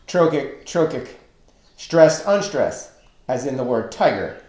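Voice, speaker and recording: A man teaching a webinar lecture on poetry, deliberately counting out stressed and unstressed syllables. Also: mid-range voice, lively intonation, darkish tone, roomy sound.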